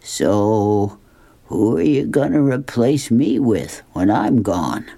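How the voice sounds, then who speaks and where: A man's voice: mid-range voice, big pitch swings, slow pace, creaky, warm tone, full character voice. A man voicing a dry, gloomy elderly husband from a comic strip.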